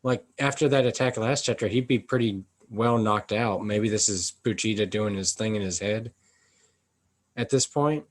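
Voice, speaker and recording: A young man co-hosting a casual review chat, reacting quickly and playfully. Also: lowish voice. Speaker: manga review co-host.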